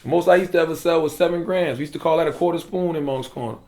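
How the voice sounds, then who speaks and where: A man's voice: fairly high pitch, rapid-fire, a little mellow, roomy sound. A man from South Carolina with a South Carolina accent, telling a story in casual, slangy interview talk. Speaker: guest.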